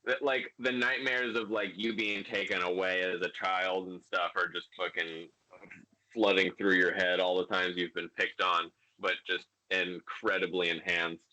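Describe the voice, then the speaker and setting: A man's voice: deep voice, level tone, measured pace, bright, forceful tone. A young man narrating as game master of a tabletop game, loose and full of fillers. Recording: dull lo-fi home recording.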